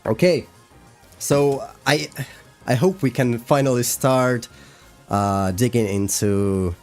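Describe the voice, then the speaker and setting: With a mid-range, slow, somewhat mellow voice, an animator chats casually on a livestream as he breaks down his animation work. He sounds hesitant and uses many fillers; faint music plays in the background.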